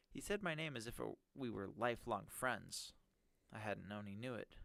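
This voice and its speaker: Male audiobook reader; gravelly, expressive, dry close sound. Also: on the low side, normal speed, no room sound. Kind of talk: first-person story narration.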